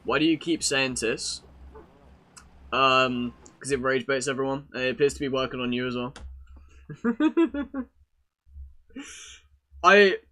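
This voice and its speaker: A man's voice: mid-range voice, normal speed, sharp tone. A young British man live-streaming a racing game, chatting casually to his viewers and swearing freely as he plays. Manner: chatty, swears freely, talks to chat while playing.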